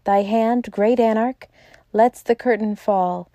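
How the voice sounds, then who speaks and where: A dreamy, mournful old professor reciting verse slowly and softly, as a woman narrator gives him voice. The tone is mellow and dark, recorded close in a dry space. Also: on the high side, steady tone, no echo, dull audio.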